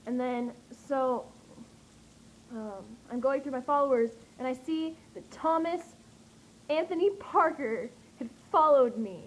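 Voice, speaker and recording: High-voiced young woman gushing in a vlog. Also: a little slow, rough recording. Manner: gushing, breathless, full of fillers like "like". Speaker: vlogger. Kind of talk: excited storytime vlog.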